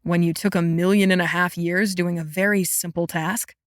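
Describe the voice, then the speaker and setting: Female narrator doing a low-voiced, teasing young male guardian for a fantasy audiobook. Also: steady tone, normal speed, dry recording, natural voice. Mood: dry. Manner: dry and mocking, with a low growl. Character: wry, sharp-tongued young male guardian.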